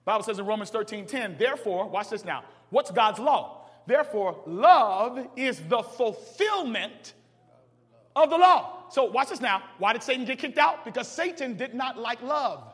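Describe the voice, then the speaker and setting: A pastor preaches with a very high, lively voice, rising and falling in pitch. He drops to quiet talk, then hollers at full force. His voice carries through the long echo of a big church hall. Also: moderate pace. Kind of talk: sermon. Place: church sanctuary. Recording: long reverb of a large hall.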